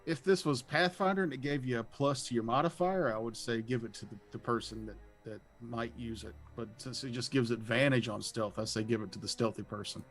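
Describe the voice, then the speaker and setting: A man with a mid-range voice weighs in plainly on rules and strategy at the table. He speaks bluntly and with conviction. Quiet music runs in the background. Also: mid-range voice, fairly even intonation, fairly quick, hardly any pauses. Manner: blunt, opinionated. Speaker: player. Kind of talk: casual tabletop game chat.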